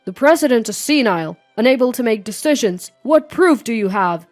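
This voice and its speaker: A woman voicing a scheming, arrogant middle-aged male executive who shouts and mocks. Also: fairly high pitch, moderate pace, faint music behind, close to an everyday voice. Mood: furious. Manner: shouting and mocking.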